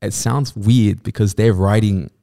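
A man's voice: lowish voice, fairly even intonation, measured pace, gravelly, mellow. A young Australian man with an Australian accent, chatting casually and rambling with many fillers and restarts. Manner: rambling, lots of fillers and restarts, swears freely. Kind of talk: casual podcast chat.

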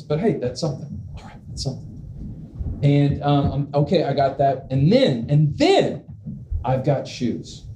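A man in his forties preaching a humorous sermon as pastor, animated and self-mocking, with comic asides. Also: mid-range voice. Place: church sanctuary. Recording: echoey church hall with room noise.

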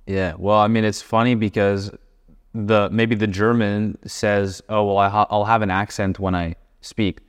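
Male podcast host, lowish voice, smooth and resonant, measured questioning. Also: level tone. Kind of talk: interview questions.

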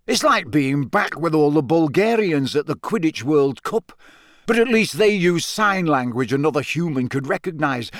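A man's voice: a little high, dry recording, studio quality, pitched above the performer's own voice. A man doing a jovial, flustered wizard official. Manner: hesitant, hushed and confiding. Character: jovial, nervous middle-aged male wizard official.

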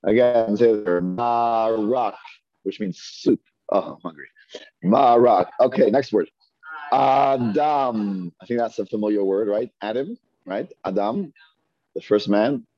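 A man teaching Hebrew reading, sounding out words slowly and patiently and repeating them. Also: mid-range voice, dry recording. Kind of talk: slow, patient reading lesson. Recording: dull lo-fi dry recording.

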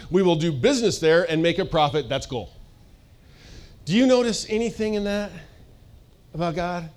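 A man delivers a relaxed, joking sermon. His voice sits high for a man. He talks in a loose, chatty way with lots of quick asides. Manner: chatty, playful, lots of "like" and "you know". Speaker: pastor.

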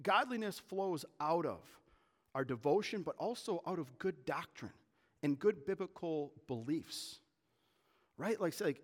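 A man preaching a sermon as pastor, talking casually and getting worked up in quick, indignant bursts. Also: fairly high pitch. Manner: animated, gets worked up, fast bursts of indignation. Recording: long hall reverb.

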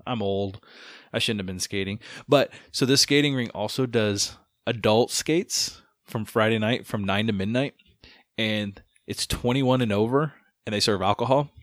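A man's voice: fairly low pitch, normal speed, no room sound. Dry-voiced man chatting, stammering restarts. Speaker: podcast co-host. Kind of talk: casual chat.

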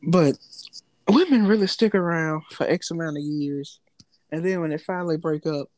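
A man's voice: on the high side, moderate pace, a little mellow, no echo. A man co-hosting a podcast, talking loosely in slang and laughing often as he tells stories. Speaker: podcast co-host. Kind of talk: casual chat.

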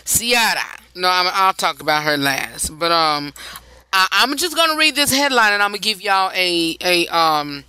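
A talk host with a very bright, crisp, smooth voice reads news stories in a loose, chatty way. The host keeps breaking off to talk straight to the listeners and sounds a bit tired throughout. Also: mid-range voice, big pitch swings, moderate pace, poor audio. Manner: reads headlines with chatty asides to listeners, laughs, restarts. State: tired, yawning. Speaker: host of a news and gossip segment. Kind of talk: casual chatty news reading.

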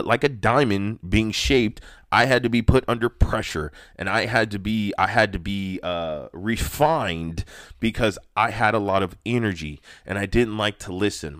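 Male podcast host with a lowish voice, recorded dry, ranting through personal stories with lots of swearing and rising excitement. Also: smooth, no room sound. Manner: profane, animated, loud when excited. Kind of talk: ranty personal storytelling monologue.

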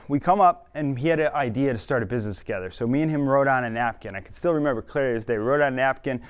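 A young man telling his own life story quickly and earnestly, with now and then a self-aware laugh. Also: mid-range voice. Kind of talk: personal storytelling talk.

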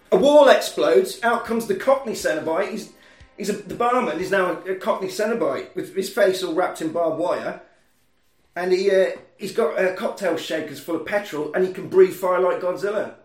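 A man with a high voice tells a film plot with lively, animated energy, throwing in quick character voices. It sounds like casual podcast chat. The room is echoey and faint music sits underneath.

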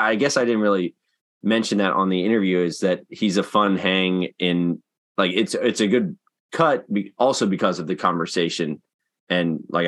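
A man hosting a podcast in casual chat, relaxed and agreeable, often adding short affirmations. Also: deep voice. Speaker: podcast host, teacher.

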